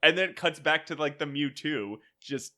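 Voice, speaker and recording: Chatty guy on a comedy podcast, bright voice, bouncy, keeps cracking up. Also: on the high side, expressive, normal speed. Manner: rambling, laughs a lot, acts out quotes. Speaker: podcast co-host. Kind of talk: casual comedic chat.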